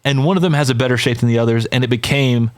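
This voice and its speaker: A man's voice: medium pitch, fast talker, smooth. A man co-hosting a podcast, talking casually and with enthusiasm, who says "y'all" to listeners. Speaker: podcast co-host.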